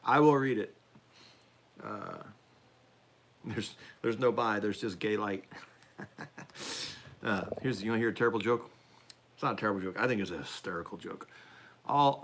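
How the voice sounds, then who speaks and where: A man's voice: fairly low pitch, normal speed, long pauses, a bit bright. A man hosting a casual political live-stream chat, rambling and self-deprecating, with frequent restarts. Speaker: podcast host.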